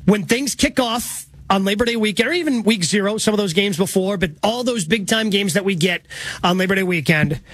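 A man's voice: high voice, brisk, a bit bright, no echo. A man hosting sports radio, conversational and steering with questions.

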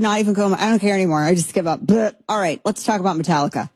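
A woman in her thirties or forties hosting a commentary show, talking in an animated, sarcastic and rambling way with many restarts. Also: mid-range voice, racing, husky, no echo. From Texas, USA. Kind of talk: opinionated monologue commentary.

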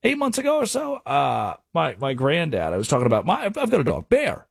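A young adult man hosting a sports radio show, telling rambling stories in an animated monologue. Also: a little high, brisk, vocal fry, breathy edge, no echo, clean studio sound.

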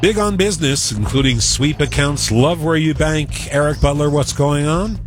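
A man's voice: a little high, normal speed, faint music behind. A man presenting a short radio news segment with wry storytelling. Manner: wry storytelling, lively delivery.

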